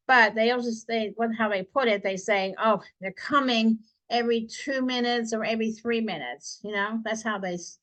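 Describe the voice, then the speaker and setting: A woman's voice: medium pitch, fairly bright tone, rough recording. A woman nursing instructor giving a conversational exam review lecture in a classroom, checking in with the students by asking "okay?" again and again.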